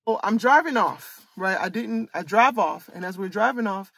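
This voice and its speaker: Gravelly, husky-voiced woman telling a story. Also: medium pitch, expressive, normal speed, a bit bright, dry recording. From Michigan, USA. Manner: candid, earnest, circling back and repeating herself. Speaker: host and coach for women. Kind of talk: casual storytime monologue.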